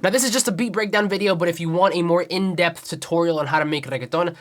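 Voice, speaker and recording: Barely pausing, a young man with a fairly high voice speaks quickly as he gives a casual tutorial on his beat. With the beat playing behind him, he counts the rhythm aloud and explains each layer.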